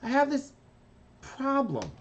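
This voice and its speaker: A man's voice: very high-pitched, wildly swooping pitch, takes it slowly, highs cut off, pitched above the performer's own voice, full character voice. A man voicing an exasperated young big brother in a cartoon, patient but fed up. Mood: reassuring. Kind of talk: reading a cartoon script aloud.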